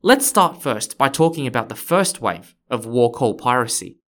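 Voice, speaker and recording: Man, podcast host, friendly explanatory read of scripted history, mid-pitched voice. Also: sing-song, moderate pace, fairly bright tone. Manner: friendly, explanatory, occasionally playful.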